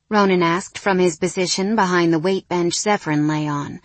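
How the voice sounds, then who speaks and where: Expressive woman audiobook narrator, dry. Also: fairly low pitch, no echo. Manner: expressive, dramatic pauses.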